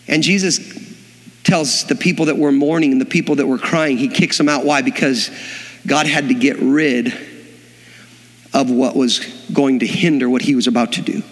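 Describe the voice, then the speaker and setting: Male preacher, high-pitched, theatrical storyteller, recorded in a reverberant church. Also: steady tone, moderate pace, fairly bright tone. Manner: dramatic storytelling, acting out quoted voices. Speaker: pastor. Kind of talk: sermon. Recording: long hall reverb.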